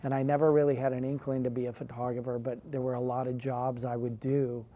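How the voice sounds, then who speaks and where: A man's voice: medium pitch, flat delivery, fast, dark tone, highs cut off. A man from California, a guest telling long rambling stories in a casual interview, leaning on "like" as he goes. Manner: rambling anecdotes with frequent "like". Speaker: guest, photographer.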